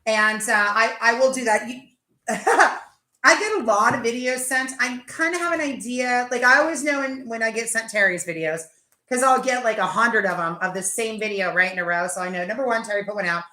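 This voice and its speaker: High bright woman host rambling live, laughs a lot, echoey room. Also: brisk. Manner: chatty, laughing, tells stories with acted-out quotes. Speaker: livestream host. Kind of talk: casual live chat.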